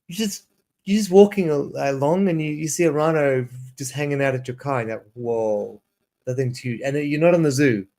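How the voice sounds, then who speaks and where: A South African man in his thirties, an ESL teacher and streamer, speaks in a slightly high, mellow voice. He talks loudly in a loose, rambling livestream chat, often restarting sentences and reading prompts aloud.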